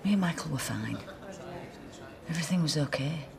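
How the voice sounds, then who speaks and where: A woman's voice: sits low, lively intonation, brisk, gravelly, a crowd in the background. An actress playing a woman who pleads earnestly with her husband in prison. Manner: earnest, pleading, often hushed.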